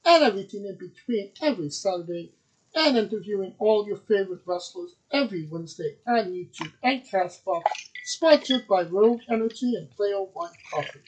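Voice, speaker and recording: A man with a fairly high voice hosts a casual podcast. He talks in an upbeat, rambling way, stumbling over names and filling gaps with ums. The delivery is loose and chatty. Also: animated, moderate pace, breathy edge, poor audio. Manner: upbeat, rambling with many fillers. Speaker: podcast host. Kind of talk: casual chat.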